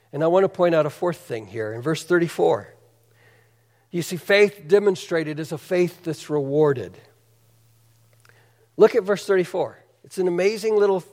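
A male pastor delivers a sermon with a high voice. He preaches in an earnest, conversational, emphatic manner, and a long reverb trails each phrase.

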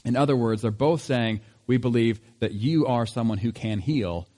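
A man's voice: medium pitch, normal speed, dark tone. A man preaching a sermon in a conversational tone, asking rhetorical questions. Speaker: pastor.

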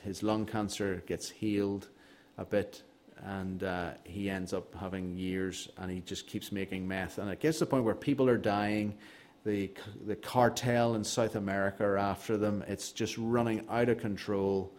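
A man's voice: fairly low pitch, little pitch movement, normal speed, a little mellow. Earnest man preaching a sermon. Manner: earnest, emphatic, with dry humor. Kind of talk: expository sermon.

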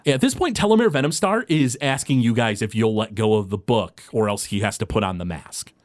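A man narrating a tabletop game as game master, his pitch lively and roaming. He rambles and restarts often, and the recording sounds dry and close. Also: a little fast, no echo. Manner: rambling, full of fillers and restarts.

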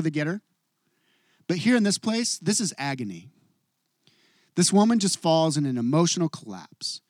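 Male pastor, middle-aged, fairly high voice, dry close recording; expressive sermon delivery that swings from hushed to emphatic. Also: no echo.

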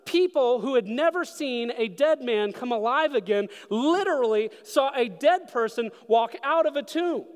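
A man preaching a sermon as pastor, moving between loud urgent questions and hushed solemn passages. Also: high voice, big-room sound.

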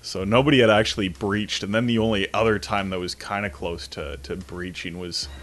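A man's voice: fairly low pitch, brisk. A young man casually telling stories, acting out the voices of the people in them. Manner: animated, acts out voices of people in his stories. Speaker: storyteller. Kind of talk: casual storytelling chat.

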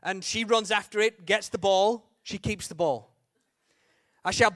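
A young man delivers a comic sermon story, acting out his own thoughts and calling out loudly at moments. His voice sits fairly high for a man and the sound is dry and close, with no room echo. He talks with playful self-mockery and quick bursts of energy. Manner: humorous, animated, shouts and acts out quotes. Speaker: preacher.

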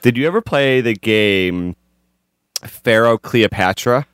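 A man hosting a casual podcast, playful and teasing with quick asides. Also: lowish voice, lively intonation, fairly bright tone, clear, resonant tone, no room sound, studio quality. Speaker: podcast host. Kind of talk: casual chat.

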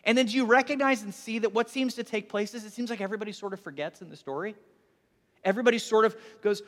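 Male pastor, sermon, bright high voice, lively storytelling, reverberant church hall. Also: fast. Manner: animated storytelling, acting out quoted voices, dropping to a whisper for emphasis.

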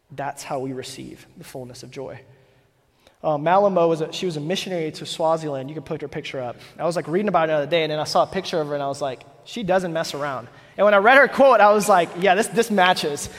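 A young man preaching a sermon on stage in a casual, conversational way, full of "like", building to emphatic points. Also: a little high. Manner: casual, fillers of "like", rising to emphatic. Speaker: preacher, church planter. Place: church stage. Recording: long hall reverb.

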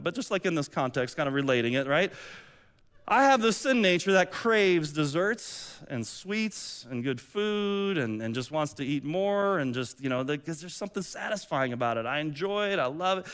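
A man's voice: on the high side, a bit bright, clean tone. A man pastor giving a sermon in a conversational, chatty way, with many asides and restarts.

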